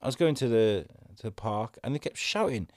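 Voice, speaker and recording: A man's voice: mid-range voice, animated, brisk, dry recording, studio quality. A man hosting a podcast, telling stories in a rambling, reflective way. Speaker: podcast host. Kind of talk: casual podcast chat. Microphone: studio podcast microphone.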